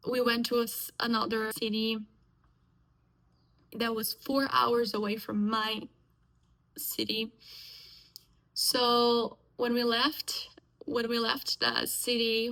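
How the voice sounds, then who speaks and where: A young woman from Brazil with a Brazilian Portuguese accent, a native Portuguese speaker, telling her life story in a halting, reflective way with many fillers and restarts. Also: a little high, pushed and bright, low-quality recording. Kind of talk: personal life story told casually.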